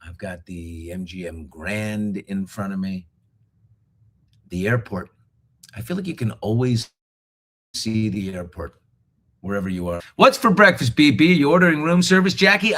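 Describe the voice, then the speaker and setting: A middle-aged man hosting a live talk show from a hotel room, chatting casually and joking a lot. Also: fairly low pitch. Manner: jokey, animated, laughs a lot. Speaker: host.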